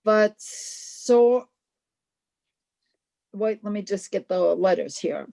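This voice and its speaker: A woman's voice: mid-range voice, expressive, slow pace, gravelly, warm tone, rough recording. A woman student answering in an online class over a video call, hesitant and thinking aloud as she works it out.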